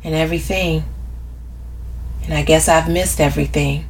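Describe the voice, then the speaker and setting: A brash, profane woman who talks bluntly and laughs easily, as a female audiobook narrator reads her. The voice sits a bit low, and she comes across like a tough old college friend. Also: fairly even intonation, moderate pace. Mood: wistful. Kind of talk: audiobook character reading.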